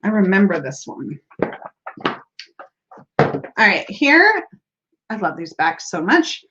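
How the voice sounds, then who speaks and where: A woman's voice: mid-range voice, very animated, takes it slowly, background noise. Bubbly American woman, lo-fi stream. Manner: bubbly, giggly, reads viewer comments aloud. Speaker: tarot livestream host. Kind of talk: casual live-stream chat.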